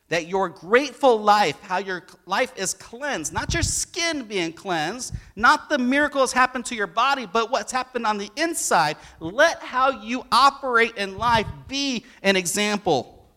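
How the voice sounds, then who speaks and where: A middle-aged man delivering a sermon in a high, bright voice. His pitch swings widely as he tells stories and acts out what people said, pressing hard on the key lines. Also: unhurried. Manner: animated storytelling, acts out quotes with rising emphasis. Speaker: pastor.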